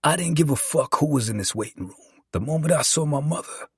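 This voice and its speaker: A man's voice: on the high side, animated, a little fast, husky, no echo, studio quality. A man narrating a dramatic first-person story with emotion and profanity.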